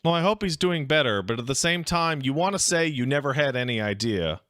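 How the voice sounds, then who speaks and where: A man hosting a casual reaction show, swearing freely, laughing loudly and rambling in asides. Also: medium pitch, animated, a little fast, no echo, clean studio sound. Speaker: host reacting to videos.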